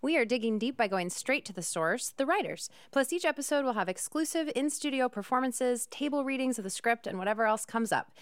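A woman's voice: a little high, expressive, a little fast, hardly any pauses, no room sound. A woman hosting an upbeat podcast interview, enthusiastic and chatty. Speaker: podcast host.

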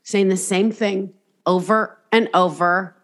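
This podcast host speaks slowly in a medium-pitched, steady tone. Her talk is a candid, casual chat full of swearing, and she performs voices while telling stories.

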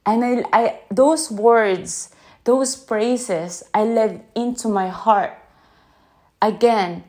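Slow, gentle woman podcasting on a phone. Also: fairly high pitch, fairly even intonation. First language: not English. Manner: slow, gentle, reflective, asks listeners "yeah?". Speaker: podcast host. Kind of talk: unscripted reflective podcast talk.

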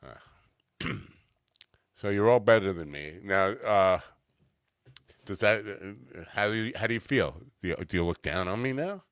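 A man's voice: lowish voice, lively intonation, unhurried, long pauses, fairly bright tone, clean tone, no room sound, studio quality. A man hosting a casual chat show, rambling and self-mocking, easily distracted, coming down from a cannabis edible. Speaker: podcast host.

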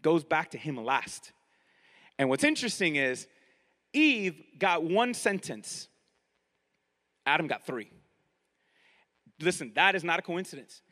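A man preaching a sermon in a lively, conversational way, often turning to ask his listeners questions. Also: fairly high pitch, unhurried, long pauses, in a large hall. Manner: animated, conversational, asks the audience directly.

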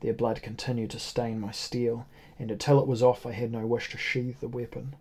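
A man narrates a novel in a steady, measured reading. His voice is mellow and dark, and it stays on a narrow, level line of pitch. The delivery is sombre and unhurried. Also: husky. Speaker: audiobook narrator. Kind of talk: scripted first-person narration.

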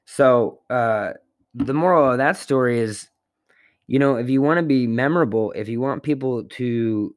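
A man's voice: mid-range voice, moderate pace, no echo, studio quality. A man hosting a solo podcast from his apartment, talking in a loose, rambling way with fillers and the odd swear word. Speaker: podcast host. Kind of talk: casual solo podcast monologue.

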